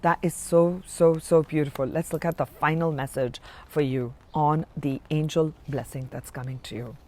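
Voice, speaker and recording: A woman giving a spiritual card reading to camera, speaking slowly and warmly with affirming, emphatic rises. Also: low voice, fairly even intonation. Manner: slow, dreamy, affirming delivery with emphatic rises. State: emotional, near tears. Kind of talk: intuitive tarot reading to camera.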